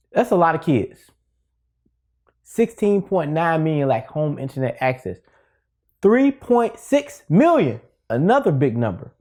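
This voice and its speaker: A man's voice: high-pitched, darkish tone. A man hosting a casual video lesson for teachers, talking in a playful, conversational way full of asides. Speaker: teacher and education video host.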